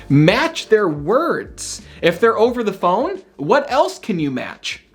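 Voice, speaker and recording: A man giving an energetic, conversational self-help lesson, often checking in with the listener by asking "right?". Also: high-pitched, normal speed, hardly any pauses, faint music behind. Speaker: motivational speaker.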